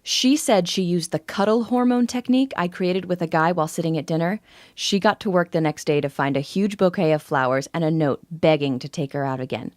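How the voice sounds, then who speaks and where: Low-voiced woman narrating a confiding pitch. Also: brisk, darkish tone, no room sound, clean studio sound. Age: 40s. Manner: intimate, confiding storytelling. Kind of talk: scripted first-person sales narration.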